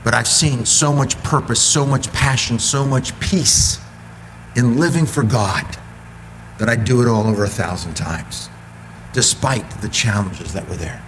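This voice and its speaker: A man preaching a sermon with animated storytelling, acting out voices. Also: medium pitch, moderate pace, a little hiss or hum.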